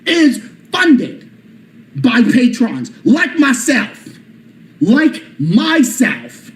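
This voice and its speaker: A man with a strikingly high voice rants on a livestream. He talks in a heated, profane way to his viewers. The echo of the room he sits in is clearly heard. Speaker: channel host. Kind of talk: livestream rant. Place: apartment room. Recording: echoey room.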